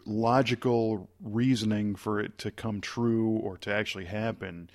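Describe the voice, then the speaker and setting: A man casually telling a long story about his early career in a relaxed interview, restarting phrases and acting out conversations. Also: on the low side, measured pace. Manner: rambling, animated storytelling with quoted voices. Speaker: podcast guest.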